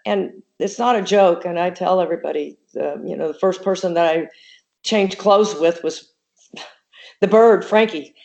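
An older woman appears as an interview guest, casually reminiscing through rambling, affectionate stories. Her voice is on the low side, gravelly and darkish, at a moderate pace. The recording is dull and lo-fi.

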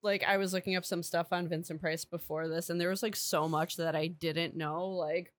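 A woman co-hosting a casual chat, talkative and quick to laugh, peppering her sentences with "like.". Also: on the low side, steady tone, no room sound.

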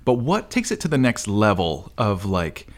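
A man's voice: on the low side, huge pitch swings, normal speed. A male podcast host chatting casually with a guest, laughing easily and rambling loosely. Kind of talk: casual interview chat.

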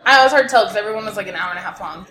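A woman from Kansas co-hosting a podcast in casual chat, giggly and animated. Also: mid-range voice, rapid-fire, echoey room. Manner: giggly, animated, picks up accents. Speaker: podcast co-host.

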